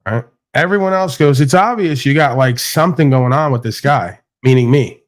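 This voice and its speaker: A man's voice: medium pitch, normal speed. A man hosting a live stream, talking in a boastful, rambling, mocking way in crude casual banter.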